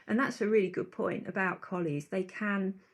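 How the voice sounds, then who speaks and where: A woman's voice: medium pitch, fairly even intonation, moderate pace. Woman dog trainer on a podcast, earnest, explains stuff, restarts a lot. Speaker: guest dog behaviourist. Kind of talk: conversational interview answers.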